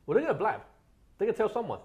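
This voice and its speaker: A middle-aged man from England, a guest telling animated stories in a casual podcast chat. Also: high voice. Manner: animated storyteller, quick and lively. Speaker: guest author.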